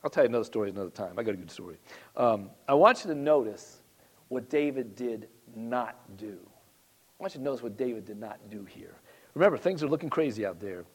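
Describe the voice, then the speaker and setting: A man preaching a sermon as pastor, animated and addressing the congregation directly, with big rises and drops in his delivery. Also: mid-range voice, fast talker, slightly rough.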